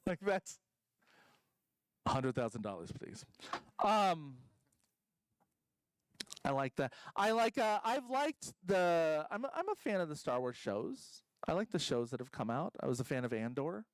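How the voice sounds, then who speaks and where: A man's voice: on the high side, sing-song, a little slow, no room sound, poor audio. A man doing a stand-up comedy set at a convention stage, rambling and self-deprecating, full of ums and restarts.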